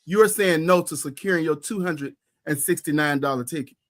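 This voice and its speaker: A man's voice: on the high side, a little fast. A man co-hosting a podcast in casual chat, ranting heatedly and profanely with emphatic repetition. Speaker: podcast co-host.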